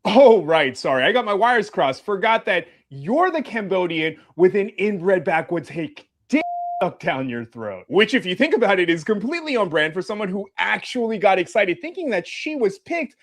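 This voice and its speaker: A man's voice: high voice, very animated, normal speed. A man making a callout video, speaking in a sarcastic, profane, mocking way. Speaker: commentary video creator.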